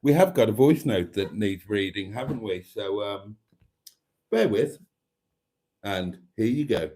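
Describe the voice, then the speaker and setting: A man's voice: on the low side, animated, unhurried, mellow. A man hosting a live stream, chatting casually as he reads out viewer comments in a camp, teasing way with frequent laughs.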